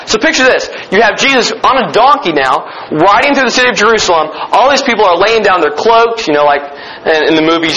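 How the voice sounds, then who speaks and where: A man's voice: high-pitched, expressive, a little fast, bright, forceful tone, slight background noise. A man preaching a sermon to a youth group in a conversational way, often asking the audience questions. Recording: dull lo-fi recording with faint ambience.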